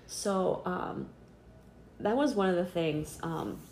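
A woman's voice: fairly low pitch, animated, takes it slowly, a little mellow, roomy sound, a little hiss or hum. Chatty, earnest middle-aged woman. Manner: chatty, earnest, full of fillers; acts out quoted voices. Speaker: interviewee. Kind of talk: personal faith story in casual conversation.

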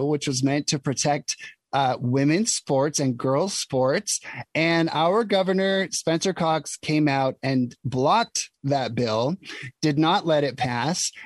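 A man's voice: on the high side, no echo. A man from Utah giving an emphatic, indignant opinion monologue, full of ums and you-knows. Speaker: political commentator.

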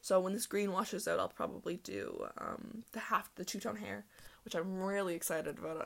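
A young woman hosting a casual solo podcast, talking fast and rambling with lots of "like" and laughs. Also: medium pitch, vocal fry. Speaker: podcast host.

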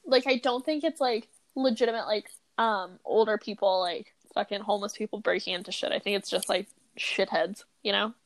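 A woman's voice: medium pitch, fairly quick, hardly any pauses, no room sound. A young woman, co-hosting a podcast in giggly, teasing casual chat full of fillers. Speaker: podcast co-host.

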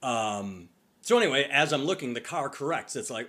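A man's voice: medium pitch, fairly quick. Male podcast co-host, mid-range voice, loose rambling storyteller. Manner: rambling, animated storyteller with profanity and restarts. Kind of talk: casual storytelling chat. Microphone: over a phone-computer call.

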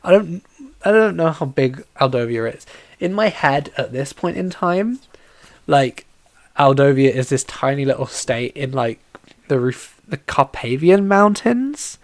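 Gravelly, rambling solo podcast host. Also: mid-range voice, expressive, unhurried, no echo. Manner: rambling, heavy use of "like" fillers and restarts. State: tired and yawning. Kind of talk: casual solo podcast chat about a film.

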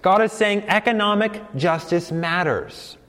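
Animated preacher with a hall echo. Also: male voice, high voice, measured pace. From United States. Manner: conversational and animated, acting out quoted voices. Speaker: pastor. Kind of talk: sermon.

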